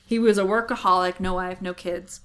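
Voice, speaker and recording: A woman's voice: on the low side, fairly even intonation, fairly quick, a bit bright. A woman co-hosting a podcast, recapping a TV episode in casual chat, laughing often as she quotes lines from it. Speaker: podcast co-host.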